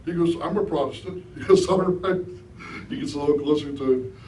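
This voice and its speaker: In an echoing hall, a middle-aged man with a fairly high voice gives a brisk, conversational spiritual talk as a guest speaker, often quizzing his listeners. He sounds distant from the mic, with a light hiss of room noise underneath.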